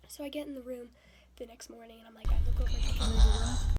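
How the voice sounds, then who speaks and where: A young woman vlogger telling a personal story in a lively way, acting out quotes with breathy asides. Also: on the high side, fairly quick, loud music behind the voice. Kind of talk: storytelling vlog. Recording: faint background noise.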